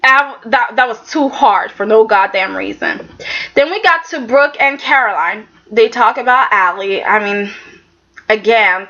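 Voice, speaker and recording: A woman with a fairly high, bright and forceful voice talks casually and animatedly through an episode review, sprinkling in filler words and reactions. The recording sounds dull and lo-fi. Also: unhurried. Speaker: soap opera episode reviewer.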